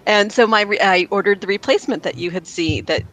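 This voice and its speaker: Rambling, excited arcade hobby co-host. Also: mid-range voice, brisk, low-quality recording. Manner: rambling, enthusiastic, many restarts and fillers. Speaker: podcast co-host. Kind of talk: casual chat about arcade machine repairs.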